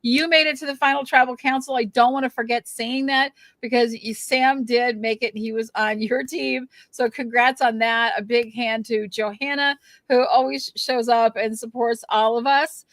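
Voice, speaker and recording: Chatty higher-pitched woman host. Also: steady tone, moderate pace, hardly any pauses, a bit bright, no room sound. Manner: chatty, rambling, lots of ums. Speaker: podcast host. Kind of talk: casual show wrap-up chat.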